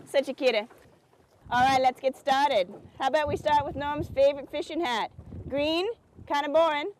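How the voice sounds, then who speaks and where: Actress as a perky craft-show host, high, folksy and sugary; outdoors by a lake. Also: female voice, normal speed, darkish tone, a little hiss or hum, lightly acted, low-quality recording. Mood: cheery. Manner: chirpy, folksy and sugary, keeps asking "isn't that sweet". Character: perky, oblivious small-town woman who hosts a craft show. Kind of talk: comedic public-access TV hosting.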